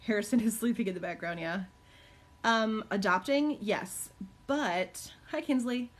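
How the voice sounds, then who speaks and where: A middle-aged woman chatting casually on a live stream from her home, answering viewer questions with many ums and likes. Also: unhurried. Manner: high cooing baby talk to her dogs. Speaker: live-stream host and caregiver mom.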